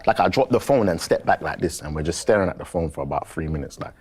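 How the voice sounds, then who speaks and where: Deep husky man telling a wild story. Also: fast. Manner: animated, dramatic storytelling. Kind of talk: casual podcast chat.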